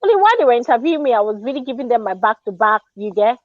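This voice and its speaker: A Nigerian woman with a fairly high voice tells a story in an indignant, animated way and drops into Pidgin now and then. The sound is dry and close but dull and lo-fi, like a live audio chat room. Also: rapid-fire, dry recording. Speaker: Twitter Space speaker. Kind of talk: casual storytelling rant.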